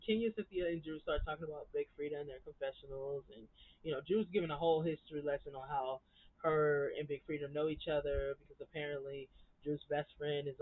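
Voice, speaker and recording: A man's voice: fairly high pitch, dry recording. A young man giving a blunt, gossipy, profane casual review of a reality TV episode as the recap host. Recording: dry, tinny phone-like audio.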